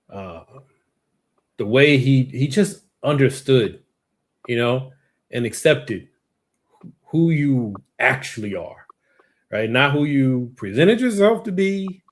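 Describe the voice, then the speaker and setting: A man hosting a livestream memorial, speaking haltingly through grief with many pauses, over a video call. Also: mid-range voice. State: grieving, near tears. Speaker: show host. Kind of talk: emotional memorial tribute.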